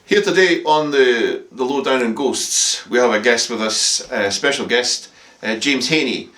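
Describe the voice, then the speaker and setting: A man's voice: medium pitch, measured pace, sharp tone. A man hosting a ghost-story show, telling the tale and interviewing with many hesitations and restarts. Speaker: host. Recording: roomy sound from a distance.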